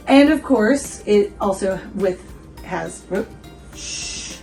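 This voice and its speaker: A woman's voice: medium pitch, expressive, extremely slow, gravelly, long pauses, mellow, soft background music, poor audio. A woman hosting a casual coffee-review vlog at home. She chats and giggles, quizzes her viewers, and makes asides to her dog.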